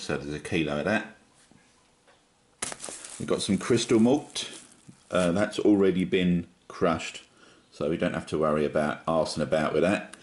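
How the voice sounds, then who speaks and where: A man's voice: deep voice, slight background noise. A man hosting a home brewing video, talking viewers through the steps in a jokey, chatty way. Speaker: homebrew video host. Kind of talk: casual how-to narration. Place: home conservatory.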